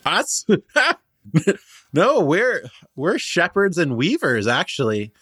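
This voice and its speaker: A cheery male halfling shepherd chats along in a voice pitched above the speaker's own, as a man puts him on. He sounds modest and friendly. The recording is dry and close. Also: big pitch swings, takes it slowly, a bit bright, breathy edge, no echo, full character voice.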